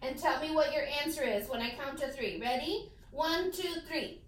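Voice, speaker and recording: A woman's voice: high voice, fairly quick. A woman teacher leading a classroom lesson, asking questions and encouraging her pupils. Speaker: elementary school teacher. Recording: echoey classroom, mic far off.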